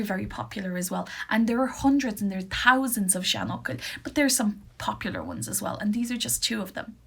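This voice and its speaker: A woman with an Irish accent teaching beginner Irish phrases, slowly repeating each one for learners at home. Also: medium pitch, fairly bright tone, slightly rough. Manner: slow careful repetition of phrases. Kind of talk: beginner Irish language lesson. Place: at home for an online video.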